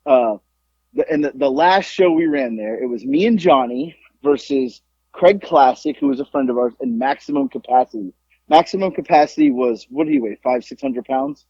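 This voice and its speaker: A man with a gravelly, husky voice tells a rambling story, with his pitch jumping all over the place. His lo-fi audio sounds dull and dry, with no room around it. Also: normal speed, no echo. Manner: animated, profane, rambling with many fillers. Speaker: podcast co-host, former wrestler. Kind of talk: casual storytelling chat.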